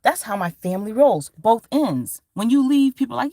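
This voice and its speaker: A woman from Georgia, talking in a rambling, profane, animated monologue as a vlogger. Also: fairly high pitch, moderate pace, hardly any pauses, dry recording. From Georgia, USA. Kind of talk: casual monologue to camera.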